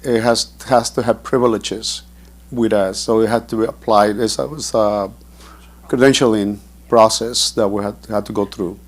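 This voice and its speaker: A man's voice: on the low side, fairly even intonation, moderate pace. A man from the care facility answers questions from residents. He hesitates, restarts and works his way to his answers. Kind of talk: answering questions at a town hall.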